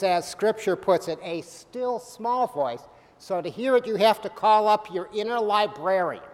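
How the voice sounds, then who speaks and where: A middle-aged man delivers a sermon in a high voice, mixing humorous asides with sudden loud bursts and hushed lines. His words ring out with a long reverb, as in a large hall. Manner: animated, with sudden loud bursts and soft drops. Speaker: preacher.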